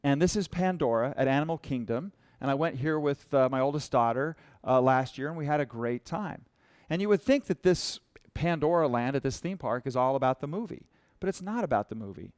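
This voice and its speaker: A man's voice: mid-range voice, expressive, a little fast, darkish tone, clean tone, dry recording, clean studio sound. A man giving a talk as a writer in the experience design business. He tells personal stories in a conversational way and acts out the lines of the people in them. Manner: conversational storyteller who acts out quoted dialogue. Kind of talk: storytelling presentation talk.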